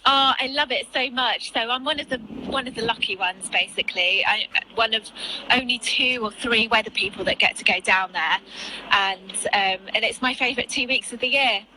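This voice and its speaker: A woman's voice: a little high, normal speed, bright, forceful tone, slight background noise, rough recording. A woman in her thirties, a weather presenter, chatting casually on a video call from outdoors, laughing easily and restarting phrases as she goes. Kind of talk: casual live video chat. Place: outdoors outside a broadcasting building.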